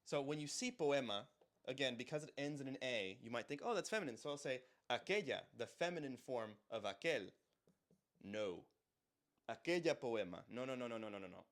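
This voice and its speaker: A man's voice: mid-range voice, a bit bright. A man teaching a language lesson in a casual, conversational way, often repeating example phrases aloud. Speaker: Spanish teacher.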